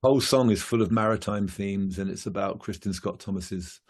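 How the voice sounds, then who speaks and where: Low male musician, casual interview guest, rambling with fillers. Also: normal speed. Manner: rambling, many fillers and restarts.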